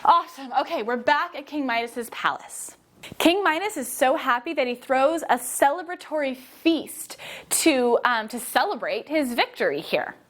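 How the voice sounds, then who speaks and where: A young woman telling a story to children while leading them through movement, energetic and encouraging. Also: high voice, moderate pace. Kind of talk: guided kids' yoga storytelling.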